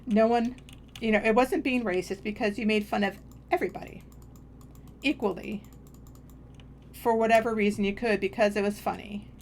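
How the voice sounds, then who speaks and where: A woman's voice: mid-range voice, fairly even intonation, normal speed, long pauses, darkish tone, slight background noise. A woman streaming a game, chatting casually in a meandering, self-deprecating way. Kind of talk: casual rambling chat while gaming.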